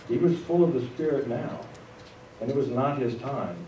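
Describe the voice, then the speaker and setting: A man's voice: mid-range voice, normal speed, warm tone. A man preaching a sermon as pastor, talking in a conversational way with asides to the congregation. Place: church sanctuary. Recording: echoey room, voice from a distance, faint noise.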